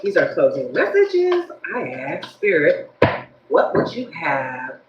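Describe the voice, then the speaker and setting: A woman giving a livestreamed tarot reading, speaking straight to her viewers in a lively, preachy way. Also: sits low, slow, echoey room, dull audio, background noise. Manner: animated, preachy, addresses viewers directly. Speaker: tarot reader.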